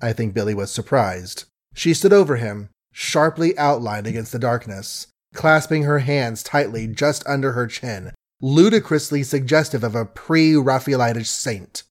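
A man narrating a novel in an even, unhurried literary reading. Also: medium pitch. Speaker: audiobook narrator. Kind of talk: scripted narration.

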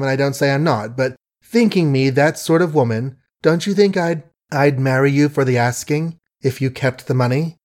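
A man reading an audiobook, voicing a proud, quick-tongued young woman in a raised voice with brisk, emphatic delivery. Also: a little high, darkish tone, pitched above the performer's own voice, lightly acted. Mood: pleading.

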